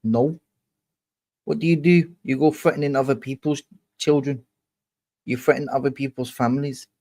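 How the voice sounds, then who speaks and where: A young man's dark, mid-range voice holds a steady tone and moderate pace as he rants on his livestream. He is angry and confrontational, swearing at a commenter.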